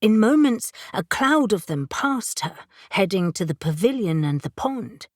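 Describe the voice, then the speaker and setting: A woman narrating an audiobook in a measured way, giving each character a voice. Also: mid-range voice, very animated, darkish tone, no echo, clean studio sound. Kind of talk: scripted narration.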